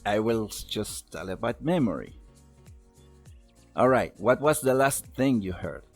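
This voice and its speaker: A man's voice: on the low side, expressive, unhurried, creaky, soft background music. A young man telling a personal story on a voice call, rambling, swearing and laughing at himself. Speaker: podcast host telling a story. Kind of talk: casual storytelling over a voice call.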